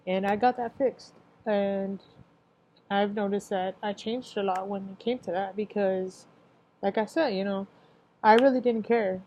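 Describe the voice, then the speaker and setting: Mellow-voiced young woman sharing her story. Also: mid-range voice, steady tone, measured pace, slight background noise, poor audio. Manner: rambling, heavy on filler phrases, emotional at times. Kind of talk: casual personal testimony.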